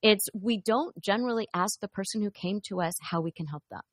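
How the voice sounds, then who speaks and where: A woman's voice: mid-range voice, brisk, no echo, clean studio sound. A woman talking earnestly in a conversational podcast about feelings, acting out quoted dialogue as she goes.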